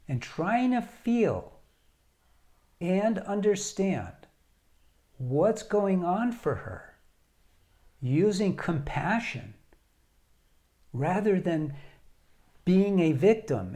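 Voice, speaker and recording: A man coaching husbands on marriage, speaking slowly and with purpose. His voice is mellow and rather dark, yet it swings widely in pitch as he stresses each point. The delivery is earnest and direct. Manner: earnest, direct, deliberate with emphatic pauses. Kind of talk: advice monologue to camera.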